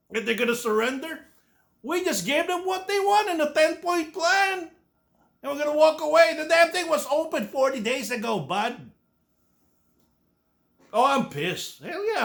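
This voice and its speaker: A YouTube commentator in his sixties, with a very high and slightly bright voice, delivers a blunt opinion rant to his viewers. He swears freely, repeats and restarts his words, and coughs along the way.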